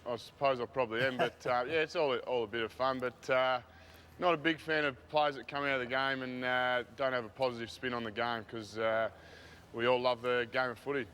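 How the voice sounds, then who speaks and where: An Australian man, a footballer guest joining from an airport, relaxed and halting, with lots of uhs. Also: medium pitch, clear, resonant tone.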